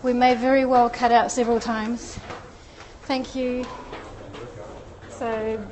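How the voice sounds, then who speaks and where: A woman's voice: on the high side, little pitch movement, takes it slowly, a little mellow. A woman hosting a phone live stream, chatting and answering viewer comments as she walks and climbs stairs. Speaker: livestream host. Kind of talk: casual live-stream chat. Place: outdoors then climbing a stone stairwell. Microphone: phone held in hand. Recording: noisy street and stairwell sound.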